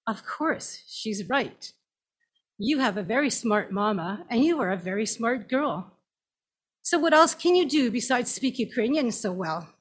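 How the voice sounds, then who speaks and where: A woman's voice: fairly high pitch, lively intonation, measured pace, breathy edge. A woman reading a story aloud, voicing a middle-aged male company boss who speaks heartily, like an announcer. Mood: jovial.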